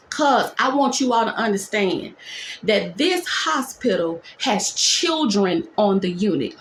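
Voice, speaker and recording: A woman nurse telling a dramatic workplace story in a storytime vlog, talking in quick, animated bursts. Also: mid-range voice, reverberant, slight background noise.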